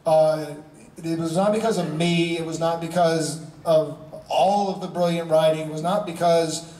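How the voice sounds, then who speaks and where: Middle-aged guy telling fan stories, fairly high voice, far off in a big echoey hall. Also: normal speed. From United States. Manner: animated, emphatic, repeats phrases for effect. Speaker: convention panel guest. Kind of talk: storytelling to a fan audience. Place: convention hall.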